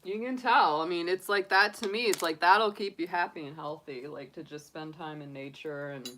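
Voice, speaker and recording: A woman's voice: lowish voice, moderate pace, bright, forceful tone, a little hiss or hum. A woman in her forties, a tarot reader chatting casually on a live stream and laughing often. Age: 40s.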